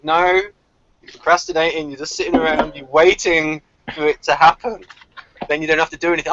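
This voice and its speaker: A man leads a relaxed group chat over a video call. His voice sits a little high and swings widely in pitch as he jokes and explains. The call audio sounds dull and lo-fi. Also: brisk, gravelly. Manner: lively, animated, laughs often. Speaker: discussion host. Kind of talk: casual online group discussion.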